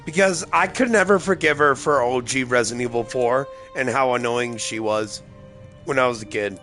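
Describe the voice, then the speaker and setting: A man's voice: mid-range voice, normal speed, sharp tone, faint music behind. A man rambling loosely and profanely through casual gameplay commentary, tipsy and slightly slurring his words. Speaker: gaming streamer.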